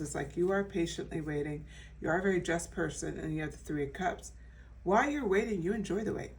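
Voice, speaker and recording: Woman tarot reader, casual and reassuring, slightly low voice, mic set back a bit. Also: distant mic. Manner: chatty and reassuring, full of fillers and restarts. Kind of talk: casual pick-a-card tarot reading.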